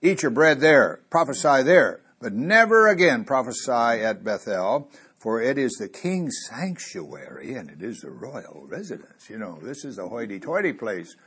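A man preaching a sermon, telling a Bible story and getting louder when he quotes scripture. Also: on the low side, normal speed, husky. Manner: animated, rising loud on quoted scripture.

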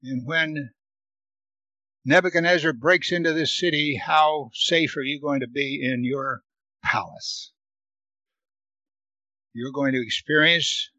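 A man teaches through a Bible passage verse by verse, reading each verse aloud forcefully in a louder, higher voice before commenting and repeating words for emphasis. The audio is poor, with no room sound.

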